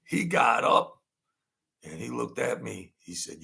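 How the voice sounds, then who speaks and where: A man telling street stories in a rambling, halting way, often stammering and acting out other people's voices. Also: medium pitch, big pitch swings, gravelly, bright, forceful tone. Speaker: channel host telling mob stories. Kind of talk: casual storytelling monologue.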